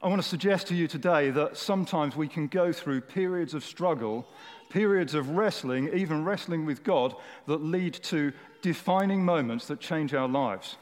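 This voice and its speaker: Preacher in an echoey hall. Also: male voice, a little high, normal speed. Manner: conversational, humorous, with fillers. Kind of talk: sermon. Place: church hall with a large audience.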